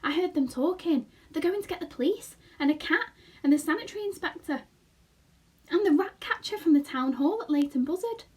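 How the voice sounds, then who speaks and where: A woman voicing a tired, stubborn little father with a flat, expressionless manner. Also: very high-pitched, a little fast, voice pushed up.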